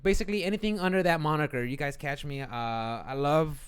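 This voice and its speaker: A man's voice: fairly high pitch, a little fast, smooth. A man co-hosting a casual podcast chat, rambling with lots of restarts and casual swearing. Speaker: podcast co-host.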